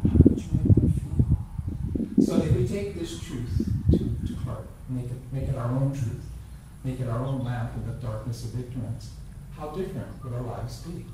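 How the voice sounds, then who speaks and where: A man's voice: medium pitch, normal speed, hardly any pauses. An older man giving a dharma talk at a temple, telling stories with playful asides. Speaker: dharma speaker. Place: temple hall. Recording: echoey hall from far off, background noise.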